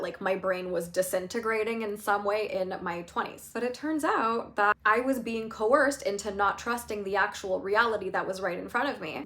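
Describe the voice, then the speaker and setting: A life coach in her thirties gives a casual storytelling monologue about her own life, candid and chatty, full of filler words. She is wry, laughing through painful memories. Her voice is mid-range and a bit bright.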